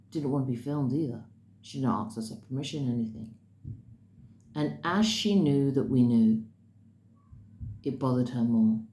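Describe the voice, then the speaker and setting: A woman's voice: very deep voice, dark tone. A woman casually retelling a dream as a spiritual message, talking with bursts of emphasis. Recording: roomy echo with faint background noise.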